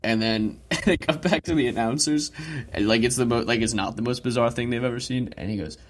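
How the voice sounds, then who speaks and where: Young male podcast co-host, casual and giggly, mid-pitched, does quick quoted voices while recapping. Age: young adult. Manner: laughing, animated retelling with quoted lines. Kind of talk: casual chat.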